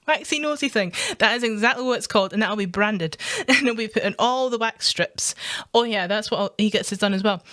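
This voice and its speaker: A woman with a Scottish accent ranting in a casual, animated vlog. She swears freely and breaks into laughter often. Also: a little high. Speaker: gaming vlogger.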